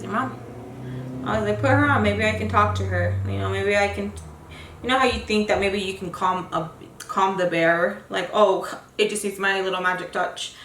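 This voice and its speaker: A woman's voice: mid-range voice, fairly bright tone. A young woman telling a long personal story in a casual vlog, frustrated and rambling, full of fillers. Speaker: vlogger. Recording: echoey room with faint noise.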